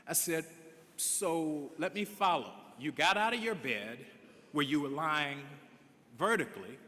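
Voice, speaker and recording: A man speaking from a stage at a graduation ceremony, his voice fairly high and forceful. He slows down to land key words and shifts his tone to act out the people in his stories. The sound carries a long reverb from the large hall. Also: very animated. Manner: emphatic, preacherly, draws out key words; acts out dialogue in his stories. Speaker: commencement speaker. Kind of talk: commencement address.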